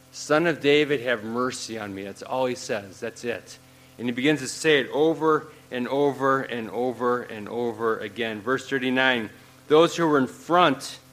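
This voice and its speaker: A man's voice: medium pitch, fairly bright tone, poor audio. A man preaching a sermon in a conversational way, using many fillers and repeating phrases. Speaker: pastor.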